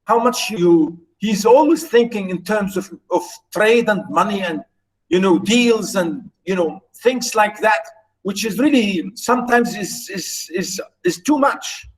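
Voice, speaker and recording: A man's voice: sits high, a little slow, far from the mic, low-quality recording. A man lecturing on literature, who repeats and restarts phrases as he explains and points out British pronunciation.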